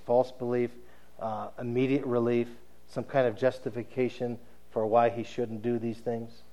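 A male preacher tells a story in a conversational way, pausing often to check in with his listeners. His voice sits in an ordinary male middle range. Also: medium pitch, mellow. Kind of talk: sermon.

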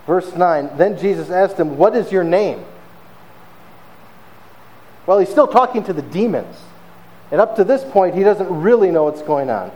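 A man preaching a sermon in a conversational, animated storytelling manner, often pausing with fillers. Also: a little high, rough recording. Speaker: pastor.

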